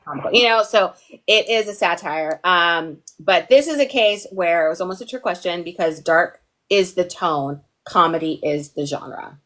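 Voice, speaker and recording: This online TV pitching instructor, a young woman from the East Coast of the US, has a lowish but fairly bright voice and a moderate pace. Her livestream lesson is casual and chatty, full of playful digressions and frequent "okay?" check-ins.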